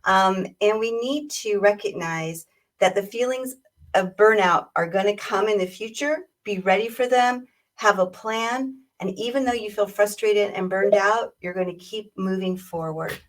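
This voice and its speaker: A woman's voice: medium pitch, measured pace, distant mic. A woman diabetes educator on a webinar, speaking conversationally and acting out little exchanges with patients. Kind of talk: webinar talk. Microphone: video call.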